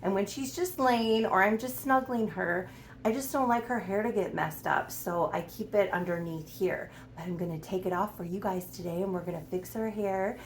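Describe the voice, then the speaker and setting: A woman's voice: mid-range voice, normal speed. A young woman chatting casually to camera about her doll collection in a room at home, giggly and doting, often talking sweetly to her dolls. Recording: echoey room with faint background noise.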